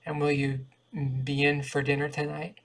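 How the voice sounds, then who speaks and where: A weary, practical wife asking about the household money, as a man reads her aloud in a storybook reading. The delivery is level and flat, with a gravelly edge. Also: on the high side, moderate pace. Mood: plain.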